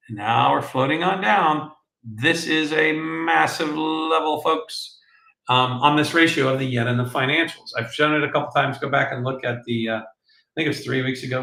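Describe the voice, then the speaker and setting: A man hosting a market show, talking through charts in a casual, animated way and calling his viewers folks. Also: mid-range voice, gravelly, reverberant, low-quality recording. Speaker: market analyst host.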